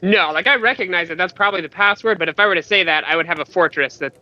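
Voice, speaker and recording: A man plays a tabletop role-playing game and carefully explains what his character does. His voice is very bright and sharp with a slightly high pitch, and the recording sounds dull and lo-fi. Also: fast. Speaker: player. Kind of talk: casual tabletop play.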